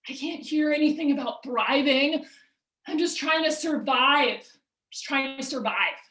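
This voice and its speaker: Give me a woman playing an overwhelmed, complaining parent, high-pitched and whiny. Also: measured pace. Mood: exasperated. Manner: whiny, exasperated, loud. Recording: roomy echo.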